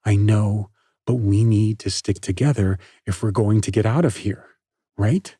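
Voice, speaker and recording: Brief: man reading a level-headed teenage girl, low and gentle, husky, slow. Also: no room sound, studio quality. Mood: calm soothing. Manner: soft, calm, reassuring.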